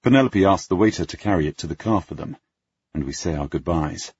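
Brief: low, raspy male narrator, first-person audiobook, dry muffled sound. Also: expressive, brisk, darkish tone, dry recording. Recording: dull lo-fi dry recording.

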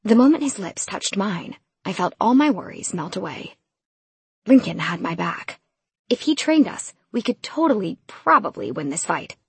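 A woman reading a novel aloud in first person, in a brisk, casual way. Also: mid-range voice, sing-song, breathy edge, dry recording. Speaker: audiobook narrator.

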